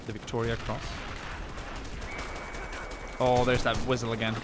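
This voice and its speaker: This young Swedish gameplay commentator has a medium-pitched voice delivered completely flat and a little slowly. Amid background noise, including the war game's loud gunfire and artillery, he jokes and rambles.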